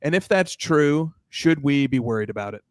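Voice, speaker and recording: A man who is a regular panelist on a podcast, speaking in a thoughtful, measured way in casual chat. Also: a little high, animated, no echo, studio quality.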